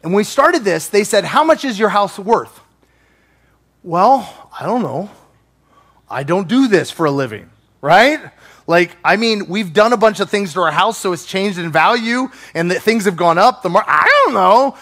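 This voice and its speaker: A man preaches a sermon, telling stories from his own life with self-deprecating humor. His voice sits high and swings widely in pitch. He keeps the delivery lively and expressive. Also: normal speed. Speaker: pastor.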